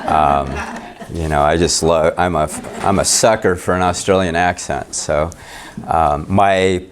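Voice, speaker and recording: A very low-voiced man leads a Bible study discussion. He talks in a relaxed, chatty way and wanders through his thoughts, poking fun at himself as he goes. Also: unhurried, slight background noise. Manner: chatty, rambling, self-deprecating. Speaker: pastor leading a Bible study. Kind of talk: casual class discussion.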